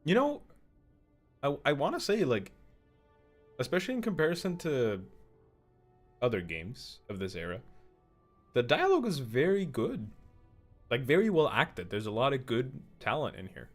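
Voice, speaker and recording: A young man in his twenties giving loose, joking commentary on a live game stream, his speech halting and self-mocking at a middle pitch. Faint music plays behind him. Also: huge pitch swings. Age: 20s. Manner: chatty, self-deprecating, stumbling. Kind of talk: casual live gameplay commentary.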